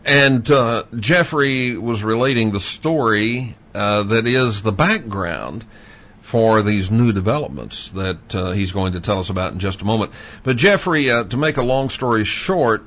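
A man hosting a talk show, measured and steering, with fillers as he talks. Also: fairly low pitch, fairly bright tone. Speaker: show host.

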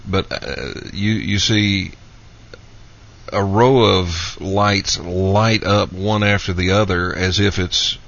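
A man with a fairly low voice hosts a call-in radio program, moving steadily between callers and reading questions aloud. The sound is dull and lo-fi, like an old radio broadcast. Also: takes it slowly, gravelly. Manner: steady, takes calls and reads listener questions. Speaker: radio call-in show host.

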